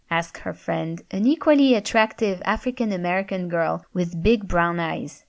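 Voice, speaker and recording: A woman reading a story aloud as an audiobook narrator, in a steady, even storytelling manner. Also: fairly low pitch, normal speed, gravelly, hardly any pauses.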